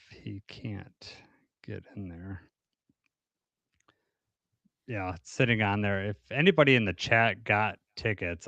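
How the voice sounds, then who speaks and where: A man's voice: sits low, fairly bright tone, dry recording, lo-fi sound. A man co-hosting a live podcast stream, chatting casually, rambling a little and laughing easily. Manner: rambling, laughs easily, greets chat viewers. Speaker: podcast co-host.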